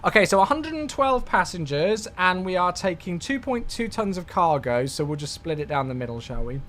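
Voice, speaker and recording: Animated high-voiced British man streaming. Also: moderate pace, a little hiss or hum. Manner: excitable, effusive when thanking viewers. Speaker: live streamer. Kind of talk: casual live-stream chat.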